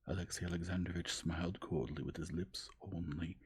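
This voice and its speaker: Male narrator, whispered role-play; deep, airy, gentle delivery. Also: fairly even intonation, breathy edge. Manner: soft, slow, gentle. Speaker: narrator reading a novel aloud.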